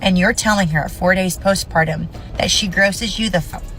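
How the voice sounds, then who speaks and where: A woman's voice: on the low side, moderate pace, fairly bright tone, soft background music. A woman in her thirties ranting to camera about her past, blunt and indignant and swearing freely. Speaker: mother sharing her story. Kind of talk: emotional video rant to camera.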